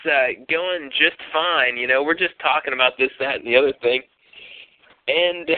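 A man tells a story on a radio show in casual, profane chat, laughing as he goes. His voice sits a little high and swings widely in pitch. The sound is thin and phone-like, with no room echo. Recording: tinny phone-like radio audio.

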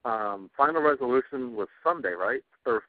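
On a laid-back podcast, a male co-host launches into a foul-mouthed, grumpy tirade about television. His voice sits mid-range with lively intonation and a moderate pace, and the thin, phone-like sound is completely dry with no echo.

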